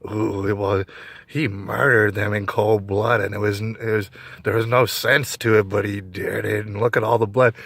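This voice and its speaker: Brief: creepy woman TV crime narrator, a man's put-on, slow and lingering, low, soft, dry sound. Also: little pitch movement, gravelly, dry recording.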